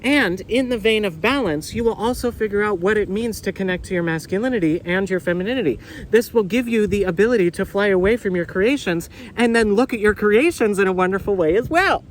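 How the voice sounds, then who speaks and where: A man giving an excitable, effusive tarot reading outdoors on a windy beach, often repeating words. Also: sits high, a little fast, hardly any pauses, poor audio. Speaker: tarot reader. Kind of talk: casual tarot reading video. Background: wind and faint ambience.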